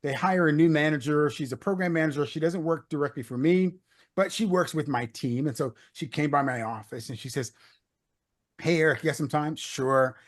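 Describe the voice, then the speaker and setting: A man's voice: on the high side, fairly quick. Man telling leadership stories as a guest. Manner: storytelling, lively anecdotes. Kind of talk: conversational interview.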